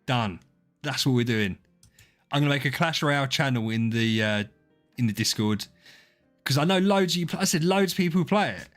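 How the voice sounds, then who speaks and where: A man's voice: medium pitch, expressive, normal speed, pauses often. Rambling man streamer chatting to viewers. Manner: rambling, self-deprecating, talks to chat by name. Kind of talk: casual live-stream chat. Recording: faint music behind.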